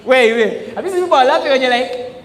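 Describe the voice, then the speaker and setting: Man, sales trainer, animated, acts out laughter, long hall reverb, faint background noise. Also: very high-pitched, a little fast. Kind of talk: live training talk. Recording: echoey hall with faint ambience.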